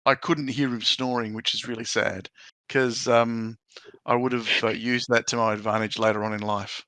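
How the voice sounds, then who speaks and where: A man hosting a podcast in a relaxed, casual chat, drawing his words out with many ums. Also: mid-range voice, moderate pace, no echo. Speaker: podcast host.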